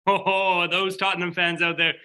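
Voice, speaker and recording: A man's voice: high voice, flat delivery, moderate pace, pushed and bright, clear, resonant tone. A man co-hosting a comedic radio show, playful and mock-earnest. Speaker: radio co-host.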